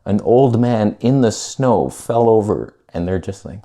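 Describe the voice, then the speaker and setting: A man with a low voice vlogs, casually retelling a story in laid-back slang with some swearing. He keeps a measured pace with few pauses. The telling is animated, and he acts out the voices he quotes.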